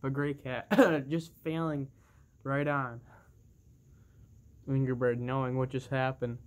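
A commentator calling a toy wrestling match with excitable bursts of oohs and laughter. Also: mid-range voice, slow pace. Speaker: play-by-play commentator.

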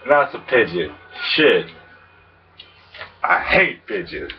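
A man giving casual game commentary, rambling and crude, laughing and jumping into high excited yelps. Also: slow, recorded from a distance, dull audio, a little hiss or hum. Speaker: gameplay commentator.

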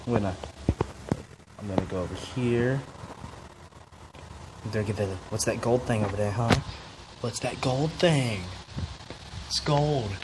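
A man's voice: medium pitch, measured pace, pauses often. A man hosting a gaming video, chatting playfully with viewers as he plays. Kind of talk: casual gameplay commentary. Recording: loud background noise.

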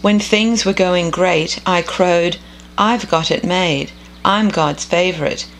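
A woman reading scripture aloud in a measured, contemplative devotional style. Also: on the low side, a little hiss or hum, rough recording. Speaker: scripture reader.

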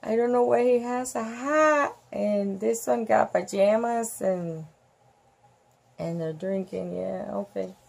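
A woman's voice: mid-range voice, slow, gravelly, a little mellow. A woman reading a picture book aloud with chatty asides, giggly and easily amused. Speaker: storybook reader.

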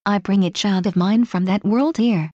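Brief: woman reader voicing a proud male sun god, earnest, mellow tone, dry sound. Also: medium pitch, normal speed, no echo, lo-fi sound, lightly acted. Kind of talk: reading a fan story aloud.

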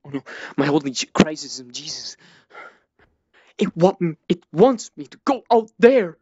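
A man's voice: fairly high pitch, very animated, a little slow, warm tone, slightly rough. A man commentating a VR horror game, jumpy and panicky, swearing and muttering to himself as he plays. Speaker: gamer playing a VR horror game. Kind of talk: let's play commentary. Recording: dull lo-fi dry recording.

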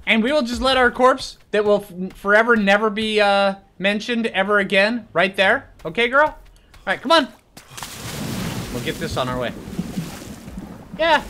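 Lively, bright-voiced man playing a game. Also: high-pitched, moderate pace, slight background noise. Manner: upbeat, chatty, talks to himself while playing. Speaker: gaming channel host. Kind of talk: casual gameplay commentary.

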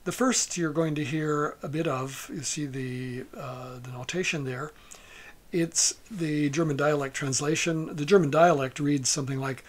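A man giving a music lecture, speaking haltingly with many fillers and soft asides. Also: on the high side. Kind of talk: lecture on a recording.

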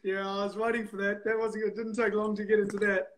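A man's voice: sits high, level tone, fast. A man from South Africa as a guest on a video call interview, easygoing and self-deprecating.

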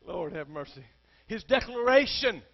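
A man preaching a sermon as a pastor, swinging between hushed words and loud, impassioned calls to the congregation. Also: high voice, gravelly, dull audio.

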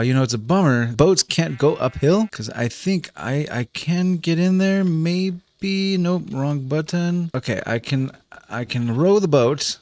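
A man's voice: medium pitch, dry recording. A man giving gameplay commentary as a let's play host, chatting as he thinks aloud, often restarting sentences and chuckling.

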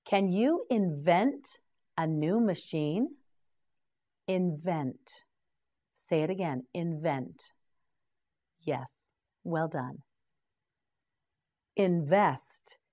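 Slow, patient woman drilling English words. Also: lowish voice, expressive, warm tone. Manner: patient, encouraging, repeats each word slowly. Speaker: English vocabulary teacher. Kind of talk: slow scripted pronunciation drill.

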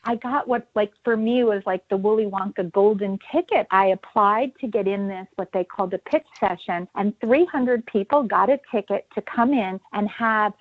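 A middle-aged woman tells a story with lively energy, acting out the people she quotes. The sound is slightly dull and very dry. Her pitch sits in an average range for a woman. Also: moderate pace, hardly any pauses, no echo. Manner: animated storyteller, acts out quoted voices. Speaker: podcast guest, birth educator. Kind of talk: storytelling in a podcast interview.

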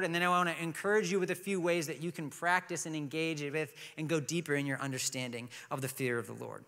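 A man in his thirties preaches a sermon, telling stories in a relaxed, conversational way with touches of humor. His voice sits a little high and sounds bright and forward. A long hall reverb trails after his words in the church. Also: fast talker, few pauses. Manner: conversational storytelling with light humor. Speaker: pastor. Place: church sanctuary.

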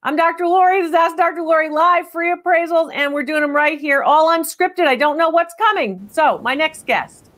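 Brisk high-voiced woman appraiser. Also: a bit bright. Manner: brisk, chatty, direct. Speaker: appraiser hosting a live call-in stream. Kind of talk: unscripted live appraisal chat.

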